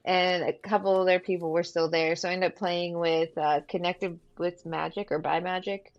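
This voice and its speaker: A woman's voice: on the low side, fairly even intonation, normal speed, lo-fi sound. A woman as a podcast guest in casual chat, telling a story with frequent swearing and laughter.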